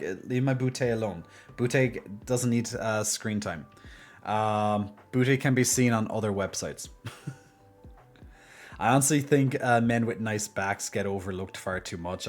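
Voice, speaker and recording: A man with a mild Irish accent, chatting casually and playfully as a live streamer. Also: medium pitch. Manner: playful and jokey, laughs often. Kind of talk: casual chat.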